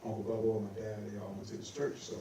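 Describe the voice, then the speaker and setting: A man telling stories on a recital hall stage, animated and quick to laugh. He acts out other people's voices as he goes. The sound is very echoey and picked up from a distance, with a faint hum of room noise behind him. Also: fairly low pitch. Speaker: guest saxophonist. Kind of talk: casual storytelling on stage.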